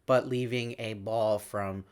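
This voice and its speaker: A man's voice: lowish voice, fairly even intonation, smooth. Enthusiastic man recapping a cartoon episode. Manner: enthusiastic, retells lines with quick paraphrased quotes. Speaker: show host reviewing episodes. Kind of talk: casual recap commentary.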